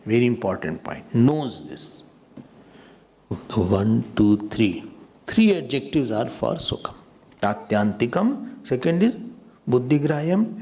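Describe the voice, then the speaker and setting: Slow, gravelly swami. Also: male voice, mid-range voice, a little mellow, slight background noise. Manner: repeats words, mixes in Hindi asides; explanatory, addresses listeners directly. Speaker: swami teaching scripture. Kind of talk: scripture class lecture.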